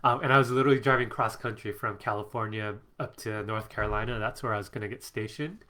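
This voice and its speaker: Middle-aged male host at his home desk, a bit congested; casual, chatty, bright, laughs easily. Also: lowish voice, steady tone, quick pace. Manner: chatty, reads out viewer comments, laughs often. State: congested from allergies. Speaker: psychic coach hosting a live stream. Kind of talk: casual live-stream chat. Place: home office.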